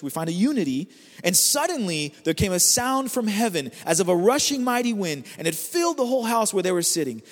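Guest preacher, man with a high voice, chatty and energetic, repeats lines for punch, long echo of a church hall. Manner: conversational and energetic, repeats phrases for emphasis. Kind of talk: sermon. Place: church service.

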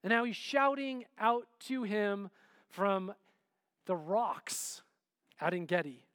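High-voiced man preaching conversationally. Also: lively intonation, takes it slowly, fairly bright tone, smooth, no room sound, long reverb tail. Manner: conversational, frequent "right?" and "like". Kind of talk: sermon.

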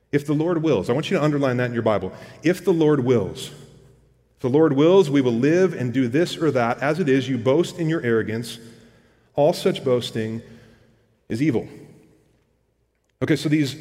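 Male pastor, casual sermon, slightly high voice, long echo of a hall. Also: darkish tone. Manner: conversational, repeats words, asks the crowd questions.

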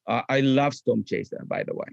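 A man being interviewed as a guest, speaking halting, non-native English with restarts and fillers. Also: mid-range voice, vocal fry, no room sound, muffled recording. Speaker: guest, clown comedian and improviser. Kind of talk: casual interview.

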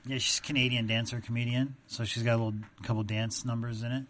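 A man with a bright, forceful voice in loose, joking conversation. He talks easily about comedy, laughing along and swearing often. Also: medium pitch, little pitch movement, fast, a little hiss or hum. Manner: laid-back, joking, swears freely. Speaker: comedian, podcast guest. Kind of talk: casual chat.

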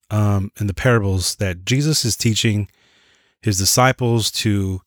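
A man's voice: on the low side, dry recording, clean studio sound. A man teaching a Bible lesson, reading from notes in an earnest way, sometimes stumbling and correcting himself, with casual asides.

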